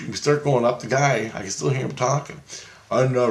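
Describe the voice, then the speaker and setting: A man telling a rambling personal story, swearing freely and getting excited. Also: medium pitch, normal speed, creaky, reverberant. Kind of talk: casual anecdote.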